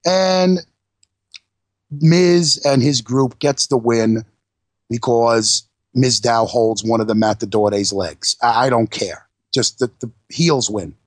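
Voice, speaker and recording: A man's voice: mid-range voice, slow pace, no room sound. A man in a mid-range voice runs through a wrestling recap in loose, casual chat, swearing freely as he goes. The sound is dry and close, with no room around it. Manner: loose, profane, narrating play-by-play. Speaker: podcast co-host.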